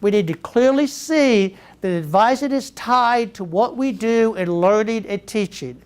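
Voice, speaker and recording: A middle-aged man from Southeast Georgia with a Georgia accent, giving a keynote speech to educators and telling lively stories that draw in the audience. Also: high voice, measured pace, clear, resonant tone. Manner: lively storyteller who quizzes the audience. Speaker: keynote speaker.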